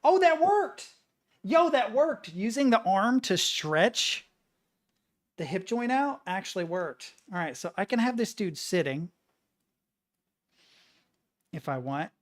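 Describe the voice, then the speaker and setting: A woman streaming live and chatting casually to her viewers. She swears freely and mutters to herself, then bursts out loud. Her voice sits a little low. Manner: swearing, excitable, muttering between outbursts.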